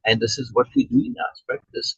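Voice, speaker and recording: A man's voice: racing, no room sound, highs cut off. A man leading an online Shakespeare reading group and explaining in casual chat, restarting often and checking in with "right?" as he reads out chat comments. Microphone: video call.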